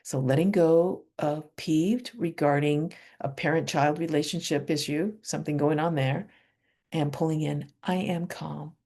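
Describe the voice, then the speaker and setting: A woman leading a guided energy healing session over a video call, speaking slow affirmations softly and asking questions aloud as she works through a chart. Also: deep voice. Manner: calm, slow affirmations with soft whispered repeats; asks herself questions aloud while dowsing a chart.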